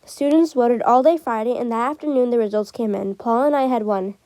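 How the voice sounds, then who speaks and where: A woman reading a novel aloud in a steady way, with occasional slips and restarts. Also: on the high side, a little fast, dry recording. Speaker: reader.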